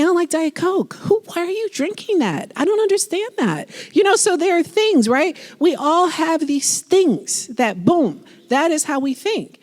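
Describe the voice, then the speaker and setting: A woman in her forties giving a public lecture on leadership, lively and conversational, acting out the people she quotes. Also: on the high side. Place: lecture hall.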